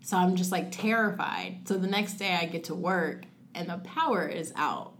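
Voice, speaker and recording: A young woman, a guest on the show, tells a personal story in casual conversation, peppering it with "like" and acting out her past thoughts as quotes. She races through some phrases and slows down on the key words. Her voice is lowish and a bit bright, with slight background noise.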